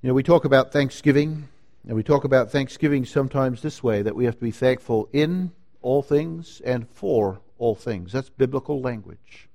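A man preaching a sermon, slow and emphatic, rising to loud declarations and dropping to hushed lines. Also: mid-range voice, vocal fry. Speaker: pastor.

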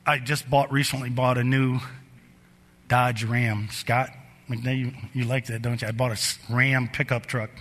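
A middle-aged pastor preaches a sermon in a church sanctuary, telling personal stories with animation, his voice climbing higher and louder as each story builds. He talks a little fast, and long hall reverb fills the recording.

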